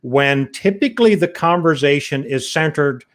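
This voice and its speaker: Man, interview host, measured, hesitant, thoughtful questions. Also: on the high side, lively intonation, fairly bright tone.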